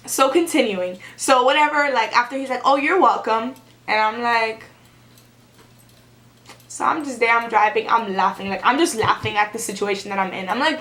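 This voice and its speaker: A young woman tells a casual story to her viewers, sarcastic and animated, with "like" in nearly every line. Her voice sits a bit high and bounces off the walls of an echoey room. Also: normal speed. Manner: animated and sarcastic, heavy use of "like". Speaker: vlogger.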